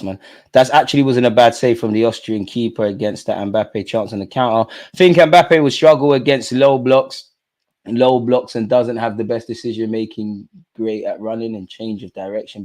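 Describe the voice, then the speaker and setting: A young man with a London accent hosts a live football watch-along stream. His speech is loose and slang-heavy as he trades teasing banter with his chat. His voice sits at an everyday middle pitch for a man. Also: darkish tone. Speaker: streamer host.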